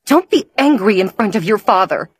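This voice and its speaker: A woman reading the lines of a timid middle-aged mother who murmurs softly. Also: medium pitch, expressive, normal speed, slightly rough, pitched above the performer's own voice. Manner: soft, murmuring.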